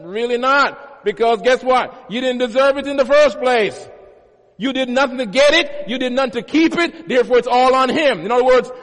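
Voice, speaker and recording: A man's voice: extremely high pitch, normal speed, fairly bright tone. A male pastor preaching a sermon, teaching with emphatic repetition and homely everyday examples. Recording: long hall reverb.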